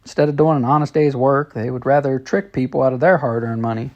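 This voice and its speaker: A man reading as a gentle schoolteacher. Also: mid-range voice, quick pace, lo-fi sound, close to an everyday voice. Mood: earnest. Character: kind young woman schoolteacher.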